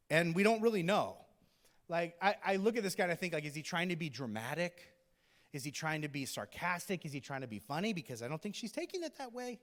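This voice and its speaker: High-voiced man preaching casually. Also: lively intonation, quick pace, a bit bright. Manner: conversational, joking storytelling. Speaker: pastor. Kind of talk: sermon.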